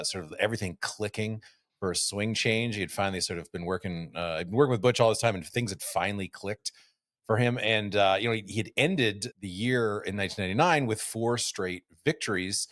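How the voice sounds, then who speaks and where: A man in his forties co-hosting a podcast, telling stories in relaxed casual chat with many fillers. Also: lowish voice, fairly quick, no room sound, studio quality. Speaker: podcast co-host.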